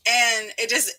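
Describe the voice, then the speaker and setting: Bubbly woman host, light Southern accent, very bright and rather high voice, giggly live-stream chat. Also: rough recording. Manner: bubbly, laughs often.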